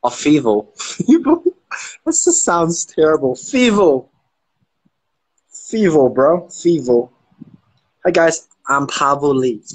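A man's voice: a little high, sing-song, slow pace, long pauses, slightly rough, dry recording. A man chatting casually with fans on a phone livestream, teasing and joking with the odd swear word. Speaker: livestream host. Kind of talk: casual live-stream chat with fans.

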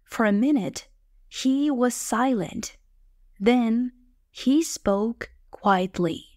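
Female audiobook narrator for learners, very slow, dry close sound. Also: fairly high pitch, darkish tone, dry recording. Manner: plain, slow, measured reading. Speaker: audiobook reader. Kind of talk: scripted narration for English learners.

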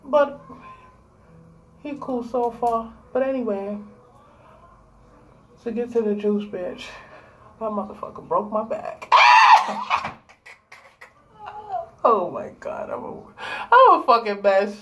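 A woman's voice: a little high, animated, unhurried, pauses often, a bit bright, a little hiss or hum, rough recording. A woman in her thirties vlogging, candidly telling a storytime to camera and swearing freely. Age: 30s. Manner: chatty and candid, swears freely, drawling asides. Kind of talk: casual storytime chat to camera.

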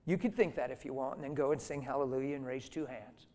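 A middle-aged man preaching a sermon through stories, dropping to hushed tones and then rising to loud, emphatic lines. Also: mid-range voice, fast talker, few pauses. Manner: storytelling, swings from soft and hushed to loud and emphatic. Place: church hall. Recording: reverberant hall.

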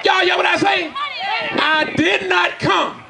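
A middle-aged man giving an impassioned preacher-style speech, shouting and calling out questions to the crowd. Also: extremely high pitch, slow pace, creaky, very noisy. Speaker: community speaker. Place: outdoors at a community gathering. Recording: loud crowd outdoors.

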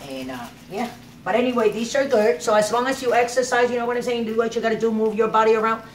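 A woman's voice: fairly high pitch, fast, slight background noise. A middle-aged woman hosting a cooking video in her home kitchen, chatty and rambling, often checking that viewers follow her. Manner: chatty, rambling, keeps asking "you know what I'm saying?". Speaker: cooking show host. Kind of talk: casual cooking demonstration.

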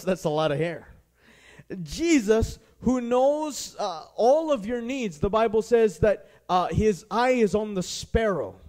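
Southern pastor preaching with a high voice. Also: male voice, darkish tone. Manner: conversational preaching, questions to the congregation. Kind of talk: sermon.

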